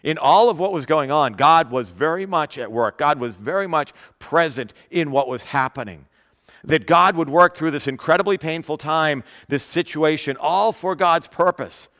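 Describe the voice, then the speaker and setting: A man preaching a sermon in an earnest way, repeating key phrases and slowing down to stress them. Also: fairly high pitch, a bit bright, big-room sound. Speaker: pastor.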